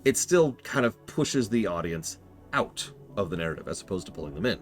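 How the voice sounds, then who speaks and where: A man with a fairly low voice rambles through casual live-stream commentary on a game, stopping himself often and talking to his chat. His pitch swings widely as he talks. Faint music plays underneath. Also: big pitch swings, brisk. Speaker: game streamer reviewing a horror game.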